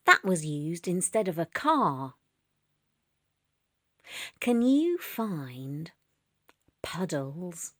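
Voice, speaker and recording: A woman presenting for young children, telling a gentle story and asking slow questions. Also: on the low side, big pitch swings, no echo, studio quality. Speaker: museum learning presenter.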